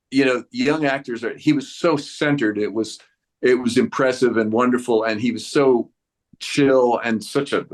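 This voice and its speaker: Rambling actor in his sixties. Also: medium pitch. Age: 60s. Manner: rambling, restarts often, acts out quoted voices. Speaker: actor guest. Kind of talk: press junket interview.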